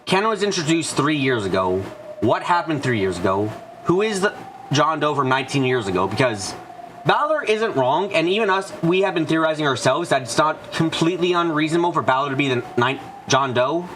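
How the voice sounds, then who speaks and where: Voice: mid-range voice, animated, a little fast, a bit bright, a little hiss or hum. A let's play streamer gives casual, rambling commentary over a visual novel, swearing often. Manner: gushing, rambling, heavy swearing. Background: game music.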